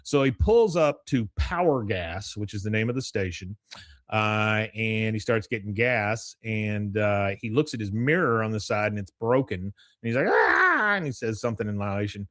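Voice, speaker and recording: A man's voice: on the low side, moderate pace, no room sound, studio quality. A man hosting a podcast, chatting casually through an episode recap with lots of fillers. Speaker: podcast host.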